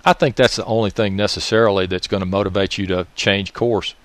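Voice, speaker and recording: A man's voice: fairly low pitch, fairly even intonation, a little fast, dry recording. A man with a Mississippi Southern accent, delivering an angry political monologue. He raises his voice, uses profanity and keeps scolding listeners with repeated questions. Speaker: political commentator.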